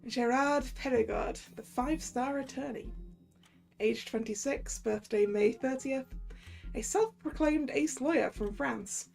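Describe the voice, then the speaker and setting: A woman's voice: high-pitched, measured pace, creaky, darkish tone, soft background music. A woman streamer commenting casually on a game, chatty and giggly, poking fun at herself. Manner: chatty, giggly, self-mocking.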